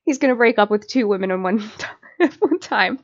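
A woman hosting a podcast, retelling a TV episode in animated, laughing casual chat. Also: on the high side, fairly quick, dull audio. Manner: animated storytelling, laughs often. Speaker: podcast host.

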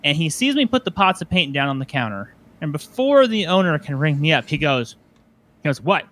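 A man's voice: fairly high pitch, big pitch swings, fairly quick, a bit bright. A man co-hosting a casual podcast chat, telling a story with lots of swearing and mocking voices. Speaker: podcast co-host.

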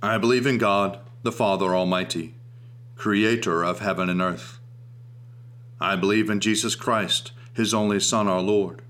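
A man giving a steady, reverent recitation of prayers and a devotional reading in a liturgical service. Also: fairly low pitch, measured pace.

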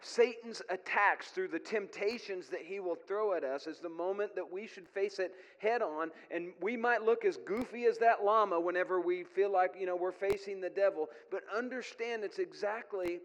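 A middle-aged male pastor preaches in a high, bright voice, earnest and plain-spoken with folksy asides. His sermon rings out with a long reverb from a church hall. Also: normal speed, few pauses.

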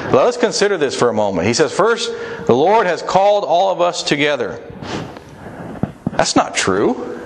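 Man preaching a conversational sermon. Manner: conversational preaching, emphatic pitch swings, uneven pace. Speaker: pastor.

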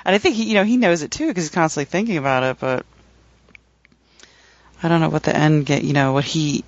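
A man's voice: a little high, fairly quick, dry recording. A man co-hosting a podcast, chatting casually about a book and reading from it, rambling with many fillers. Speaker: podcast co-host. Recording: dull lo-fi sound.

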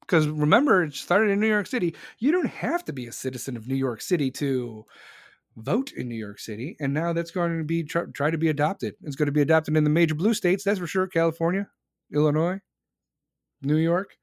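A young man, his voice a bit higher than most, delivers a heated, profanity-laced rant as a show host. The sound is close and dry, with no room around it. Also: brisk, no room sound. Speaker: podcast host. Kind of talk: angry political rant.

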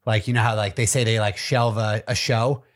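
A man's voice: lowish voice, fairly even intonation, normal speed. A man co-hosting a podcast in casual banter, joking, teasing and swearing freely. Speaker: podcast co-host.

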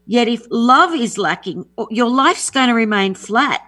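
A woman's voice: a little high, animated, measured pace, sharp tone. A woman guest on a radio talk show, talking enthusiastically about her music and teachers, often restarting her sentences. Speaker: guest, affirmation music artist. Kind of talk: casual radio interview.

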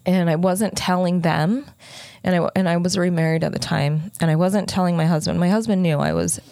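A woman with a low, gravelly voice shares a painful personal story. She speaks in halting, unguarded bursts with many restarts, sounding close to tears. The sound is dry and close. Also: fairly even intonation, darkish tone, no echo.

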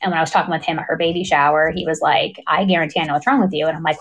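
A woman in her thirties telling a story in casual conversation, animated, often laughing and acting out the voices of people she quotes. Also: low-pitched, very fast, hardly any pauses. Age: 30s.

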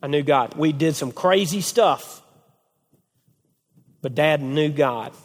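A man's voice: fairly high pitch, takes it slowly, in a large hall. A man who is a family pastor, preaching to a group of men, telling stories with energy and often checking in with "okay?". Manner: animated storytelling, repeated "okay?". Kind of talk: sermon to a men's group.

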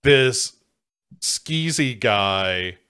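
A man's voice: medium pitch, expressive, extremely slow, sharp tone, clean tone. A man summarizing a film plot in casual talk, with many fillers.

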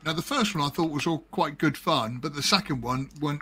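Male host, rambling easygoing delivery, high bright voice. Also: a little fast, hardly any pauses, a little hiss or hum. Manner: rambling, laughing, jumpy loudness. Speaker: podcast host. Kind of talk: casual chat reviewing films.

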